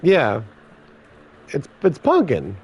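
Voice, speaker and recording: A former corrections officer telling blunt, heavily profane stories in casual podcast chat. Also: male voice, fairly high pitch, huge pitch swings, slow pace, husky, lo-fi sound.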